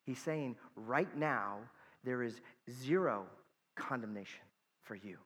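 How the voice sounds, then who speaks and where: A man's voice: medium pitch, slow pace, a bit bright, slightly rough, in a large hall. A man preaching a sermon as pastor, earnest and emphatic, repeating key words for weight and dropping in casual asides.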